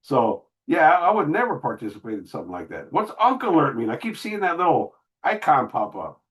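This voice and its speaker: A man's voice: a little high, big pitch swings, a little fast, low-quality recording. A middle-aged man hosting a casual livestream Q&A, reading viewer messages aloud and answering candidly in street slang. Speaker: livestream host reading super chats.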